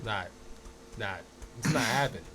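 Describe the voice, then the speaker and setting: A man's voice: on the low side, lively intonation, normal speed, a bit bright, a little hiss or hum. A man co-hosting a podcast, chatting crudely and casually, often stammering through restarts. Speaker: podcast co-host.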